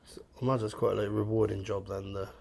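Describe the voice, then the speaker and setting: A man's voice: lowish voice, little pitch movement, very fast, creaky, a little mellow, a little hiss or hum. A man hosting a casual podcast chat, often replying with short agreements. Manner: frequent short backchannel replies. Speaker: podcast host.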